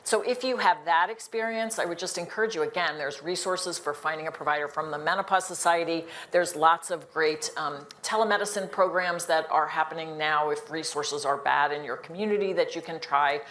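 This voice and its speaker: Low-voiced woman physician on a panel. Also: brisk, few pauses, a bit bright. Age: older. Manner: earnest, emphatic, many restarts. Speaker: internist on a panel. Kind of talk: live panel discussion.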